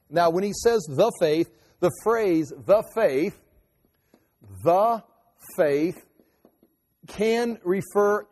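A man preaching a sermon in a conversational, animated way with quick asides. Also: high voice. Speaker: pastor. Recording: long hall reverb.

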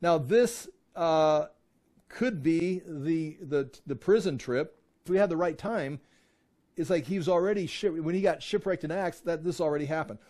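A man leads a Bible study, reading verses and then explaining them in a relaxed conversational way. His voice sits a bit high for a man, and he often breaks off and restarts his sentences as he goes. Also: moderate pace.

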